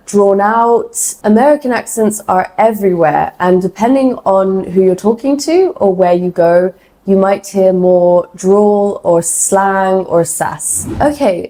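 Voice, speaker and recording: A woman English teacher narrates a scripted lesson in a measured, upbeat way. She speaks slowly and clearly. Her tone is mellow and relaxed. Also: medium pitch, low-quality recording.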